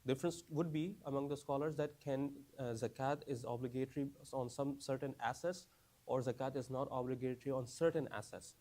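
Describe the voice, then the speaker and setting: Teaching a class for new Muslims, a man speaks briskly in a mid-range, slightly mellow voice. His style is casual and conversational, with repeated phrases, constant questions to the class, and frequent "right?" and "you understand?".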